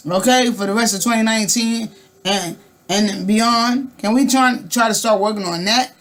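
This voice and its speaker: A woman's voice: a little high, moderate pace. Woman vlogger, fervent and loose, hammering rhetorical questions to camera. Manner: loose and conversational, with frequent restarts. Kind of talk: casual talk to camera.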